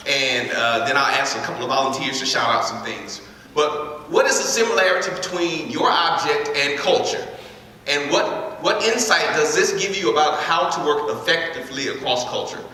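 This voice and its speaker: Here a bright-voiced man, pitched a little high and speaking at normal speed, runs a school workshop as an interactive talk for students. His style leans on repeated words and lively prompts to the audience, all heard from far off in a big, echoing school hall.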